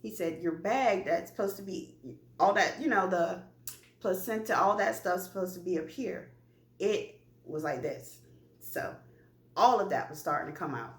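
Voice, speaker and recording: A woman's voice: fairly low pitch, moderate pace, roomy sound. A woman vlogger telling a personal story candidly and animatedly, talking straight to her viewers. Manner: animated, chatty, addresses viewers directly.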